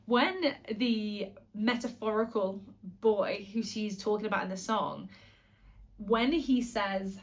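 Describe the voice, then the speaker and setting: A woman singer and vlogger chatting casually to camera, gossipy and quick with asides and self-corrections. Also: mid-range voice, fairly bright tone.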